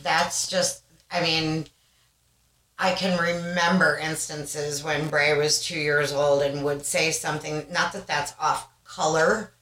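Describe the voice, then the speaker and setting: A woman in her thirties co-hosts a casual podcast. Her voice is bright and a touch low, and she tells stories in a chatty, animated way. The room leaves a clear echo around her. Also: slow. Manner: chatty storyteller, animated and reflective. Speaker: podcast co-host. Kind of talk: casual chat. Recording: roomy echo.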